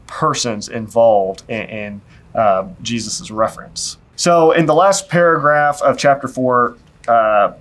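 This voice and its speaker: A man co-hosting a casual Bible discussion, talking things through conversationally and reading out passages. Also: mid-range voice. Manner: conversational, quotes Scripture, light laughs.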